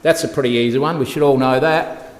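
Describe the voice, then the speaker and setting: A man preaching a lively Bible talk, telling the story and quizzing the congregation. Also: medium pitch, fairly quick. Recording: echoey hall reverb.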